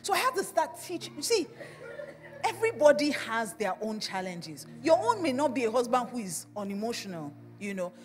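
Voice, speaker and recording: A woman pastor with a Nigerian accent, preaching a sermon and telling stories in an animated way, laughing along. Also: a little high, normal speed, big-room sound. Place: church.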